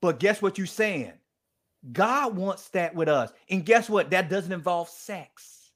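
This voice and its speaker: A man speaking as a guest, telling a story in a lively, preacher-like way and acting out the quoted dialogue. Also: high voice, takes it slowly. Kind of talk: animated storytelling talk.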